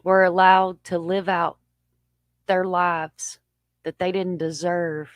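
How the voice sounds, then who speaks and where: A woman's voice: lowish voice, level tone, slow, smooth, no echo. A woman hosting a live true crime stream, reading a transcript aloud and adding somber, emphatic remarks of her own.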